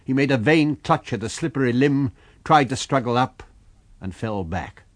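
A man narrating a novel in a measured storytelling manner. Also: medium pitch, expressive, dry recording. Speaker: audiobook narrator. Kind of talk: scripted narration.

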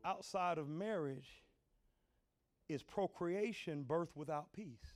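A middle-aged man pastor preaching a sermon in folksy everyday phrasing, swinging from low talk up to loud shouted lines. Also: slow pace.

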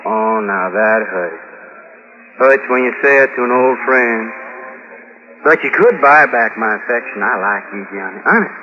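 An actor playing a drunk, wheedling small-time crook in a 1940s radio drama, with a slurred drawl. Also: male voice, medium pitch, animated, a little slow, natural voice. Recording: dull old radio recording with background noise.

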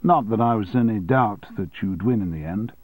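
A man reading an audiobook and voicing a fawning male executive who flatters his boss. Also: fairly low pitch, normal speed, no echo, close to an everyday voice. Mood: flattering.

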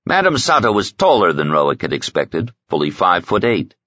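A male audiobook narrator with a very deep, low voice and a measured, even delivery. The sound is dry with no room tone and slightly muffled in the highs. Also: dry recording. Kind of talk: scripted narration.

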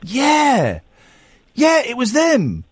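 Brief: male phone-in host, animated pitch, dry studio sound, chatty, mock-outraged. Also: drawn-out words, slightly rough, dry recording. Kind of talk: late-night radio phone-in chat. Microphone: studio microphone.

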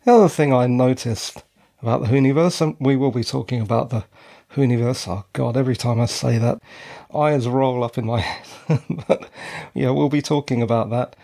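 At normal speed, a middle-aged man with a warm, medium-pitched voice and vocal fry hosts his own podcast. He's winded and tired, chatting casually alone and rambling with self-deprecating remarks into a handheld dynamic microphone.

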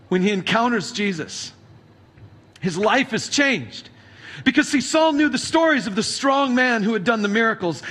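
Male pastor, high-pitched, dynamic sermon storyteller. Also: a bit bright. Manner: reads scripture then retells it in plain storytelling.

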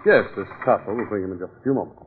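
A smooth, evasive doctor, played by a man who talks quickly in a very deep voice. The 1940s radio recording is tinny with faint hiss. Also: natural voice. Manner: brisk, smooth, reassuring. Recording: tinny old radio broadcast with faint noise.

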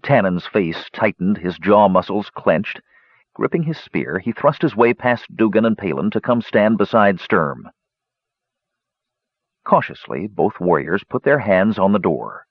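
A man narrating an audiobook with expressive storytelling. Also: on the low side, a little slow, no room sound. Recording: dull lo-fi recording.

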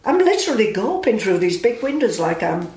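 A woman's voice: mid-range voice, sing-song, a little fast, noisy background, lightly acted. A woman playing blunt, hurt friend. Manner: blunt, emotional, slangy. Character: blunt, wounded working-class woman friend. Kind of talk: audio drama acting. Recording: roomy echo.

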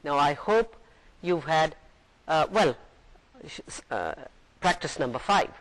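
Slow, lively lecturer. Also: male voice, on the high side, rough recording. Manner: patient, explains step by step and reads example sentences aloud. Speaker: university English lecturer. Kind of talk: recorded classroom lecture.

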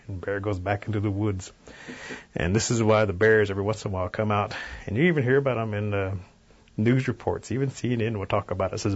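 A man telling a traditional folk tale in a relaxed, animated way, in a dull radio recording. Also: fairly low pitch, fast, husky. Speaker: storyteller guest. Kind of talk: oral folk-tale storytelling.

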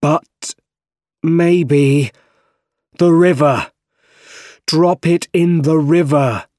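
A tormented middle-aged scientist, as a male reader puts him on, each word dragged out slow and heavy. The voice sits at an ordinary pitch. It is recorded close and dry, with no room sound at all. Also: a little mellow, no echo. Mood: urgent. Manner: slow, heavy, deliberate delivery.

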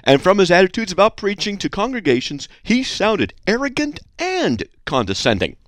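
A man mimicking a shrill, scolding woman. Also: wildly swooping pitch, normal speed, dry recording. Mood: indignant. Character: indignant woman letter writer, scolding.

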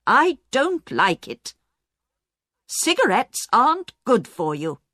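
A woman reading a storybook part, voicing a stubborn woman of fifty who talks bluntly and slowly. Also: fairly high pitch, wildly swooping pitch, a bit bright, no room sound, clean studio sound, voice pushed up, full character voice. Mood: complaining. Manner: blunt, complaining, slow and emphatic.

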